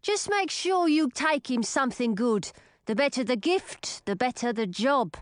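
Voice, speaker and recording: In an audiobook, a woman voices a grown man offering knowing advice, pitching her voice above her natural one. The delivery is high, lively in intonation, and a little slow, recorded dry with studio quality.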